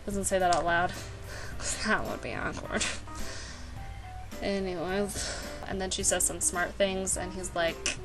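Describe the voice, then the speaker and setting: A woman's voice: medium pitch, normal speed, fairly bright tone, soft background music, rough recording. A woman vlogger giving a casual, sarcastic book summary with playful asides, now and then acting out the characters.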